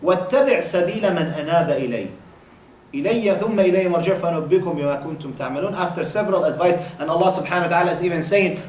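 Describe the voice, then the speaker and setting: A man's voice: on the high side, darkish tone, reverberant, a little hiss or hum, rough recording. A man giving an earnest sermon of advice, repeating key points and acting out brief exchanges. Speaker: preacher.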